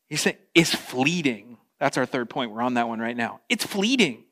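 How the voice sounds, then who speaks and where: A man preaching a sermon, animated, slipping into playful voices for quotes. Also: mid-range voice, moderate pace. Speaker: pastor.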